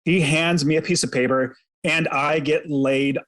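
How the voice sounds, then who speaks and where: A man's voice: on the high side, fairly even intonation, a little slow, fairly bright tone. A man telling a personal story as a podcast guest, earnest and dramatic, recounting it vividly in the present tense. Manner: earnest, faith-inflected. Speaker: podcast guest, real estate investor.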